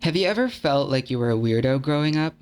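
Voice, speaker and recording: A man's voice: mid-range voice, expressive, fast talker, a little mellow, faint music behind. Earnest young man narrating a video essay. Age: young adult. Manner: earnest, conversational, self-deprecating.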